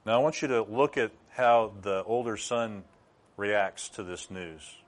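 A man's voice: on the low side, unhurried. A middle-aged man preaching a sermon as pastor, teaching through rhetorical questions.

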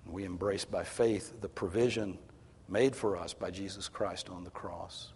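A male pastor preaching a sermon, swinging from hushed tones to loud, emphatic exhortation. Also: sits low, moderate pace, a little hiss or hum. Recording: long hall reverb.

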